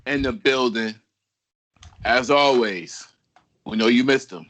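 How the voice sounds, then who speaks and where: A man's voice: mid-range voice, unhurried, long pauses, a bit bright. A man co-hosting a wrestling podcast, talking in casual, slangy, joking banter. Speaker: podcast co-host.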